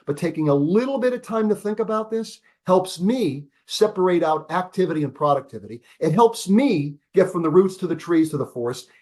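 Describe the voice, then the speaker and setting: High-voiced, emphatic older man lecturing. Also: fairly quick, few pauses. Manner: emphatic and energetic, repeats key words, asks rhetorical questions. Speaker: business school professor. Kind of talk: lecture-style talk over a video call.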